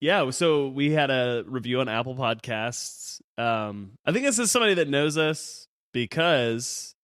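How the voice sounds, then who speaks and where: A young man co-hosting a podcast in casual chat, easygoing and quick to laugh. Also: medium pitch, lively intonation, a bit bright, clean tone. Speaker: podcast co-host.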